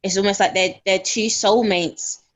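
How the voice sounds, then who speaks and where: A woman's voice: mid-range voice, fairly even intonation, normal speed. A woman in a casual chat speaking hesitantly and searching for her words.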